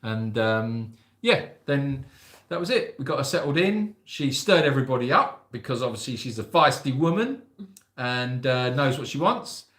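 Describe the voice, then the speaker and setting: A man's voice: mid-range voice, very animated, normal speed, a bit bright. A man telling stories in a loose, rambling, chatty way as a host. His voice sits mid-range and echoes in a roomy space. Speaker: sanctuary host. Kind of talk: casual livestream chat. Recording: echoey room.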